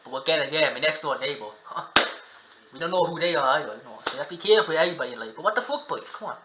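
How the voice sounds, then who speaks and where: A man hosting a reaction video, swearing and excitedly talking back at the clip he is watching. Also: on the high side, racing, reverberant, very noisy. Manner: profane, excitable, talks back at the screen. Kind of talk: casual reaction commentary. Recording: music playing under the voice.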